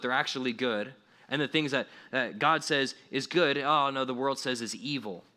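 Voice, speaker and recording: A young adult man preaching a casual, animated sermon with conversational asides and playful acted-out voices. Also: medium pitch.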